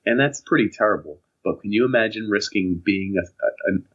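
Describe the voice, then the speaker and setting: A young man telling casual anecdotes on a podcast, animated and acting out the voices of people in his stories. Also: fairly low pitch, brisk. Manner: animated, acts out voices in anecdotes, laughs often. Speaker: podcast co-host. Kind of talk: casual storytelling chat. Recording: dull lo-fi podcast audio.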